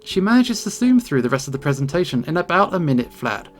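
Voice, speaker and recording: A man reading the narration of a visual novel aloud in a plain, steady way, with faint game music behind. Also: medium pitch, fast, slight background noise. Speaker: gaming channel host.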